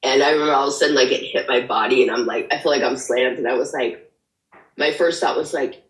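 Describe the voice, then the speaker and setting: A woman's voice: very deep voice, fast, echoey room, poor audio. A woman author candidly telling her personal story as an interview guest, rambling with many fillers. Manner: rambling, frequent fillers, emotional retelling.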